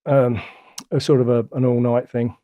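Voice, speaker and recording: A middle-aged man, a guest telling stories in a blunt, colloquial, animated way. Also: medium pitch, normal speed, no room sound, clean studio sound. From England. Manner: blunt, colloquial, animated retelling with acted-out quotes. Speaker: interview guest. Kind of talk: casual storytelling.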